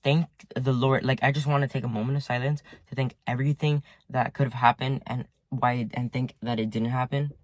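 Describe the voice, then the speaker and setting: Sitting in his car at home, a teen vlogger rambles through a storytime for his viewers, packed with "like" and frequent swearing. His male voice is medium in pitch with fairly even intonation, fairly quick with hardly any pauses. No room sound is audible.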